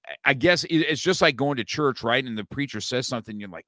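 A man's voice: mid-range voice, expressive, fast talker, bright, forceful tone, no echo, studio quality. A male podcast host in casual chat, joking, laughing often and tacking "right?" and "man" onto his lines.

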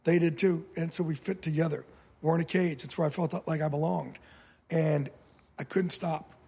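A man in his fifties, a podcast guest telling stories in a blunt, animated way, often swearing. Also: on the high side, normal speed, gravelly, husky. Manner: blunt, profane, animated storyteller. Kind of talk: casual interview storytelling.

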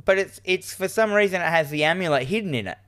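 Smooth-voiced man in jokey chat. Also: sits high, animated, fast talker, a bit bright. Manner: jokey, rambling, trails off mid-sentence. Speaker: podcast co-host. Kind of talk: casual movie recap chat.

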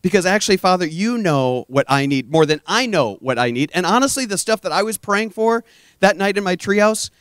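A middle-aged man preaching a conversational sermon, telling stories earnestly and dropping to a hush for emphasis. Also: high-pitched, lively intonation, a little fast, clean tone, dry recording, studio quality. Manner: addresses the audience as "guys".

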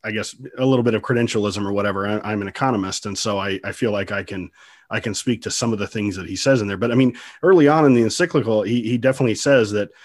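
A man's voice: fairly low pitch, fast talker, no room sound, clean studio sound. A man hosting a podcast interview, who stammers and repeats words. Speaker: podcast host.

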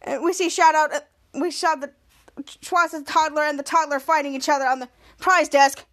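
A woman hosting a podcast, recapping a TV episode in an animated way, acting out the characters' lines with many restarts. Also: high voice, fairly quick. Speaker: podcast host.

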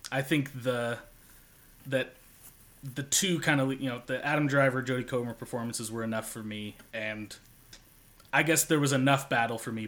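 A man's voice: medium pitch, fairly bright tone. Easygoing male podcast host. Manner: easygoing, agreeable. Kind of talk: casual film chat.

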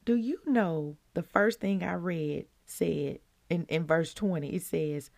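Slow, gravelly-voiced woman podcast host. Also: fairly low pitch. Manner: emotional, earnest, rising to excited outbursts. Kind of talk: devotional podcast talk.

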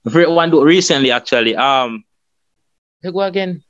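A Jamaican man guesting on a podcast, talking in quick, relaxed patois. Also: fairly high pitch, no echo. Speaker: guest skit creator. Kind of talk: casual interview chat. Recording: dull, dry sound.

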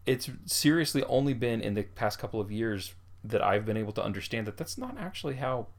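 A man's voice: lowish voice, animated, fairly quick. A man in his late thirties talking candidly and reflectively in a casual group chat.

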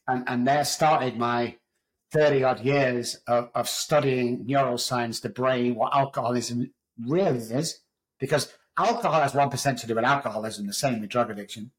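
Man, English accent, middle-aged, candid, blunt storytelling, medium pitch. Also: normal speed, low-quality recording. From England. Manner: candid, raw storytelling with swearing. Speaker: podcast guest. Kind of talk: storytelling interview.

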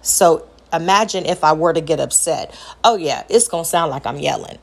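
A middle-aged woman with a high voice, talking earnestly about parenting and repeating phrases for emphasis. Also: moderate pace, creaky. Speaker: parent sharing advice. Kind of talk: personal talk to camera.

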